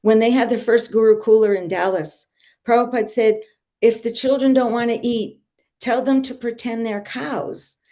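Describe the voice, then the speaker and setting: A woman's voice: a little high, fairly even intonation, moderate pace, warm tone. Woman earnestly telling a devotional story. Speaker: devotee sharing testimony. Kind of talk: personal storytelling in a group talk.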